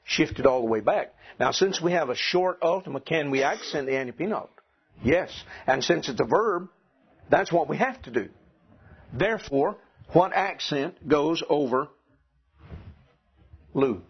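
Southern male teacher, slow, husky voice, dull lo-fi classroom tape. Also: fairly high pitch, expressive. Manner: slow, deliberate, drills pronunciation. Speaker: Greek teacher. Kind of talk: classroom lecture.

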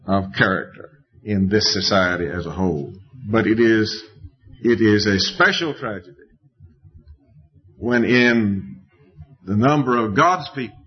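Slow, deliberate male preacher. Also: lowish voice. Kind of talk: sermon. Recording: dull lo-fi recording.

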